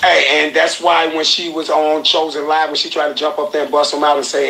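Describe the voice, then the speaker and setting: Brief: male podcast host, excitable storyteller, slightly high gravelly voice, echoey room. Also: fairly quick. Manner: excitable, profane, acts out quotes. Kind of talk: animated storytelling commentary. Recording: roomy echoey room, faint noise.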